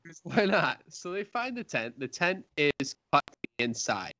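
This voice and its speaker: A man's voice: a little high, very animated, normal speed, bright, forceful tone, no room sound. A young man co-hosting a casual podcast, telling a story in a rambling, joking way. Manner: joking, rambling storyteller who slips in a mock accent. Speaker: podcast co-host.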